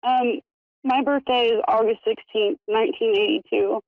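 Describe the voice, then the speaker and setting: A woman's voice: a little high, steady tone, moderate pace, vocal fry, dry recording. A woman in her thirties from Indiana calling in, hesitant and emotional with many ums. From Indiana, United States. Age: 30s. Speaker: caller. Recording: dull phone-line sound.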